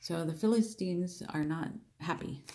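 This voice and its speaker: A woman teaching a Bible story in a loose, chatty way, rereading verses and thinking aloud as she explains them. Her voice sits fairly low for a woman and sounds mellow and relaxed. She punches out quoted lines with sudden emphatic lifts. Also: measured pace. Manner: chatty, thinking aloud with restarts and repeated phrases; plays out the figures' lines with raised, emphatic voice. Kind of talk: casual Bible reading and explanation.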